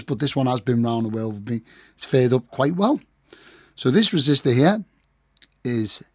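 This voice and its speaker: A man with a slightly croaky voice, talking casually through a hands-on build tutorial with chatty, self-deprecating asides. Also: mid-range voice, darkish tone, no echo, clean studio sound. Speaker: pedal builder.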